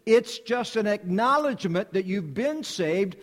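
A man's voice: sits high, animated, a little slow, in a large hall. A man from the United States preaching a sermon as a missionary, with an emphatic, repetitive cadence.

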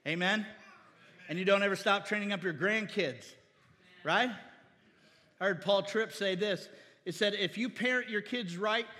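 Bright-voiced preacher exhorting in a hall. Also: male voice, high voice. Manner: exhorting, calls for amens, quotes scripture. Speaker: pastor. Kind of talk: sermon. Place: church hall. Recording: reverberant church hall.

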